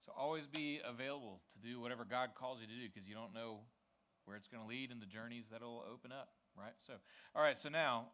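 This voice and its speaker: A man's voice: mid-range voice, sharp tone. A man hosting a student ministry service from a church stage, chatting casually with the young crowd and checking in with them often. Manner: upbeat, coaxing, checks in with the crowd.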